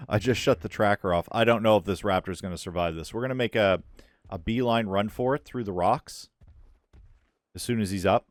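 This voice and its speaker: A man hosting a let's-play, talking through his game casually and swinging from hushed to loud excitement. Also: fairly low pitch, moderate pace, no room sound. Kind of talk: casual gameplay commentary.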